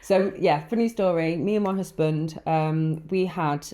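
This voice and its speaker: A woman co-hosting a casual chat podcast, with a lowish, mellow voice. She tells stories animatedly, acting out what people said, and laughs often. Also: measured pace. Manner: animated storyteller, acts out quotes, laughs often. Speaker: podcast co-host.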